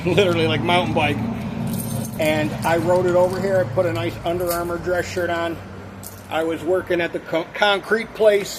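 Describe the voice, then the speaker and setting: A man telling a rambling, profane story about his life in a casual way. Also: sits high. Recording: noisy outdoor street sound.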